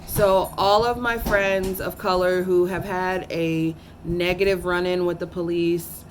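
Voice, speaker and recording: A young adult woman, a teacher, earnestly telling a personal story to camera, halting with fillers and restarts. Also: fairly low pitch, flat delivery, music in the background.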